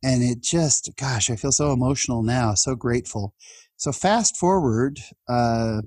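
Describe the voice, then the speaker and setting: A husky-voiced man in his fifties tells personal stories as a podcast guest. He speaks in a heartfelt, chatty way and often starts his sentences over. The sound is close and dry, with no room echo. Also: medium pitch, a little slow, a little mellow. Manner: heartfelt and chatty, with laughs and restarts. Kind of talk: personal storytelling in an interview.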